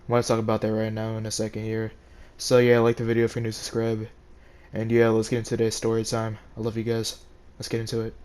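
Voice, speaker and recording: A man's voice: on the low side, darkish tone. A teenage boy telling a story-time tale in a rambling, profane way, full of "like" and "right". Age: teens. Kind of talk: casual story time vlog.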